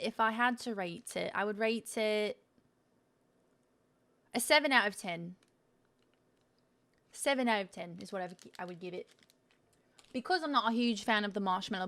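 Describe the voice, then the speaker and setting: A woman streamer chats her way through a box of snacks in a mid-pitched voice, joking at her own expense and swearing without a second thought. She talks loosely and casually into a desk mic. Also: fairly bright tone. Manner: chatty and self-mocking, with frequent swearing. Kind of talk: casual chat while taste-testing snacks.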